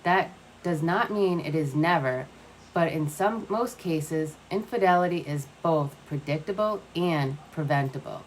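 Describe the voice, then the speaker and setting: Woman voicing a gentle, wise old grandmother. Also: sits low, a little hiss or hum, rough recording. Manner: calm, measured and gentle.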